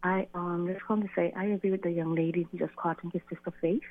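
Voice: mid-range voice, fairly even intonation, fast talker. A caller to a radio show, speaking hesitantly in agreement. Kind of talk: call-in talk. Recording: phone line.

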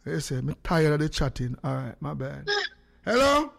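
A man with a Jamaican accent hosting a lively call-in radio show, talking in patois and breaking into sung lines. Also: on the high side, moderate pace, creaky.

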